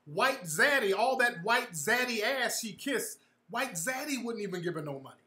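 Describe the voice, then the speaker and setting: A man talks with a bright, cutting edge as he hosts his own show. He tells a story in a profane, mocking way and laughs along at it. A roomy echo hangs around his voice. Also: high voice, animated, normal speed. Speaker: podcast host. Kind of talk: casual storytelling monologue.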